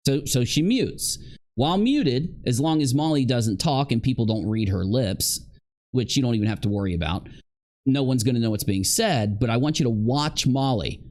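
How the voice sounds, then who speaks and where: A man's voice: mid-range voice, animated, normal speed, a little mellow. A man giving casual livestream commentary, chatting straight to his viewers and acting out the reactions of the people in the clips.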